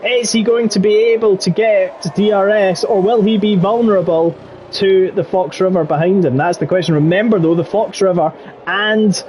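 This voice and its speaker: Excitable male league race commentator, high voice, light background hiss. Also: moderate pace. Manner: excitable, voice jumps high in close battles. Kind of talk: live sim racing commentary.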